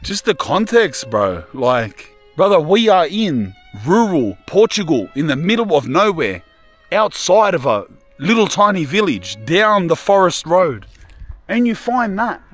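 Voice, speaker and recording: A young man filming a casual travel vlog, talking in excitable slang and calling the viewer bro, cuz and lad. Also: high voice, unhurried, faint music behind. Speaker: travel vlogger.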